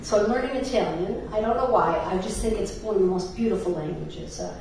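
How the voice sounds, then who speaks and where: A woman's voice: medium pitch, brisk, dark tone, a little hiss or hum. A woman minister giving a sermon in a church, telling stories with laughs and filler words. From Ireland. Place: church sanctuary. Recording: echoey church hall from a distance.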